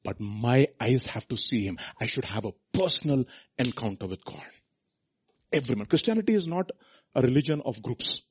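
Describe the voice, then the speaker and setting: His voice is mid-range, expressive, and slightly rough as he preaches at a moderate pace. He asks rhetorical questions, swinging from loud emphasis to quiet side remarks.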